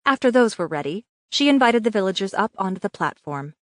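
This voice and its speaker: At an even, measured pace, a woman narrates a fantasy audiobook from a script. Her voice sits at a middle pitch. The recording is close and dry, with no room sound and no echo.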